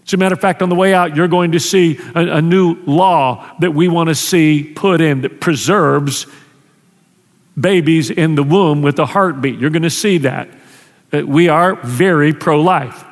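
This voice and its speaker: A male pastor preaches in a church sanctuary, his voice sitting a little higher than most men's. He talks to the congregation conversationally and stumbles over restarts as he goes. A long reverb trails each phrase through the big room. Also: moderate pace. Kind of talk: sermon.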